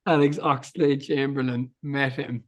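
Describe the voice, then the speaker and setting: A man co-hosting a casual podcast, dryly summing up a book and often laughing. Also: medium pitch. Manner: laid-back, dry, giggly summarising. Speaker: podcast co-host. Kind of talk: casual comic book-review chat.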